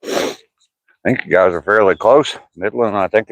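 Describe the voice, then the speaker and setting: A man's voice: lowish voice, moderate pace, no echo, poor audio. An older man from Ohio with a Southwest Ohio accent that has an Appalachian tinge, chatting easily while he walks and reads out comments from a live chat. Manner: easygoing, chatty, thinks aloud. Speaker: vlogger reading live chat. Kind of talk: casual live-stream chat while walking.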